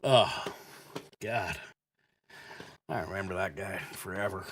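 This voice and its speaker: A man's voice: low voice, slow, a bit bright, a little hiss or hum. A man hosting a gaming channel, telling a rambling, profane story full of fillers. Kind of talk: casual storytelling while playing.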